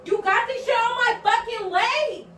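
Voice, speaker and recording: A woman's voice: very high-pitched, normal speed, fairly bright tone, reverberant, recorded from a distance, a little hiss or hum, rough recording. A woman ranting angrily and swearing over and over. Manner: swearing, furious, repeating herself. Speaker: vlogger, prank victim. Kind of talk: angry casual rant.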